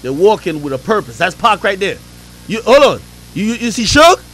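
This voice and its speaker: A man's voice: high-pitched, big pitch swings, normal speed, fairly bright tone. A man giving casual explanatory commentary, talking viewers through on-screen footage in an emphatic, slang-heavy, profane way.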